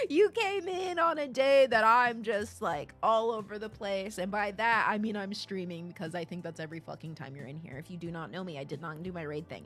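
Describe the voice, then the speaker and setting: A woman's voice: normal speed, faint music behind. A young woman streaming live, chatting casually with her viewers and reading their messages aloud. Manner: animated, swings from low mumbles to shrieking laughs; reads chat aloud and jokes with viewers.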